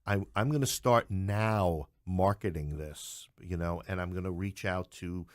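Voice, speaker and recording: A man's voice: low voice, unhurried, dry recording, clean studio sound. An American man, a playwright, telling stories in a casual interview and acting out the people he quotes. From New York. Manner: chatty storyteller who acts out quoted voices. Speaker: playwright and theater producer.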